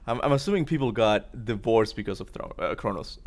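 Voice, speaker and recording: A man hosting a stream, talking in a loose, rambling way. He gets excitable and laughs easily while reacting to clips. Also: medium pitch, fast talker, hardly any pauses. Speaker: streamer host. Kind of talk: casual reaction commentary.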